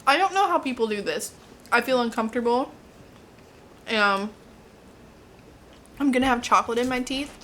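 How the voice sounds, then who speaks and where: Bright-voiced chatty young woman vlogger. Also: a little high, a little hiss or hum. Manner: chatty, self-deprecating, laughs often. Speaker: book vlogger. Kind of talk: casual reading vlog. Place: home, kitchen table by a window. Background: washer and dryer running.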